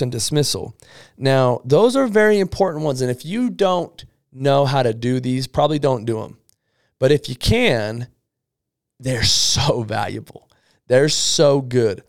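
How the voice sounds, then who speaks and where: Guy running a sales class, gravelly voice, dry close mic, hypes it up. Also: mid-range voice, no echo. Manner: energetic, slangy, acts out sales banter. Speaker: sales trainer. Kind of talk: recorded sales masterclass.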